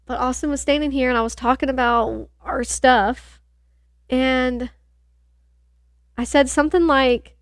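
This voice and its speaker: A woman's voice: sits high, steady tone, measured pace, long pauses, no echo, studio quality. A young woman co-hosting a podcast, chatting casually and rambling, laughing often. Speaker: podcast co-host. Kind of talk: casual chat.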